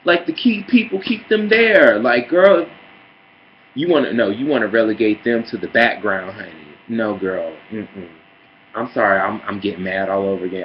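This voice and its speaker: A man ranting sassily in a casual vlog, calling listeners girl and honey, heated and swinging between mutters and loud outbursts. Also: low-pitched, lo-fi sound, slight background noise. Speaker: vlogger. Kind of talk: casual opinion rant.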